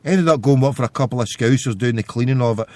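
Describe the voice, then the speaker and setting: Talking fast in a medium-pitched, darkish voice, this Scottish man rambles through stories as a podcast host in a casual monologue. There's no echo on the recording.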